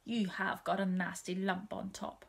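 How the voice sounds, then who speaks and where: A woman's voice: mid-range voice, level tone, a little slow, gravelly, slightly rough, exaggerated voice. Woman reading as a jolly teasing dad. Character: cheerful father coming home from work.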